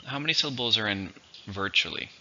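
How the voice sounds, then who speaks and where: A man teaching English vocabulary, going through each word methodically and repeating it slowly for its syllables and stress. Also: fairly low pitch, lively intonation, sharp tone, dull audio. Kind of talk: vocabulary lesson.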